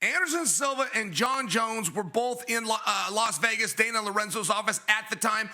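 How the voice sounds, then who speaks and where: A man's voice: sits high, lively intonation, moderate pace, pushed and bright. A man co-hosting a casual talk show with an emphatic, hype-style delivery. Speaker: co-host.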